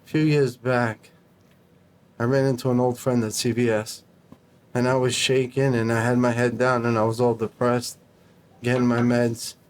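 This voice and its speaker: This man is a podcast guest spinning an anecdote in casual talk. He swears freely and slips into the voices of the people he quotes. His pitch sits in an ordinary middle range. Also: normal speed. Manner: animated, profane, acts out dialogue. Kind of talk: casual storytelling.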